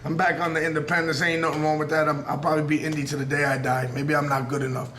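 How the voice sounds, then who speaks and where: A man's voice: fairly high pitch, level tone, quick pace, fairly bright tone, a little hiss or hum. A man in his thirties with a New York accent, a professional wrestler giving a raw, unscripted promo interview in an earnest, intense, rambling way. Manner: earnest and intense, rambling, circling back on himself. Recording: roomy echo.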